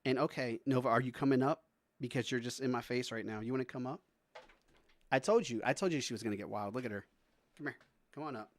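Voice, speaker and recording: A man's voice: medium pitch, quick pace, long pauses, no room sound. A man streaming live, chatting casually with his viewers, laughing often and talking to his dog between stories.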